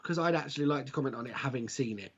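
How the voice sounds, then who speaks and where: A man's voice: mid-range voice, rapid-fire, breathy edge. A man co-hosting a casual wrestling podcast, talking in a dry, wry way with rambling asides. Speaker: podcast co-host. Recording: dull lo-fi podcast audio.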